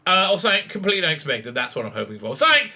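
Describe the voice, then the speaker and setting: A man's voice: fairly high pitch, big pitch swings, rapid-fire, bright, forceful tone. A man giving ranting, sarcastic video commentary, full of fillers and sudden outbursts. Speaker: online commentator.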